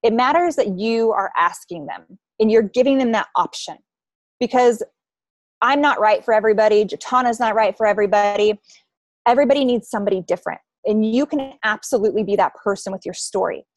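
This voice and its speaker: A woman's voice: fairly high pitch, a little fast, dry recording. Chatty woman coaching a team call. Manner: chatty, acts out quoted voices, many likes and ums. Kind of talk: coaching call, casual storytelling.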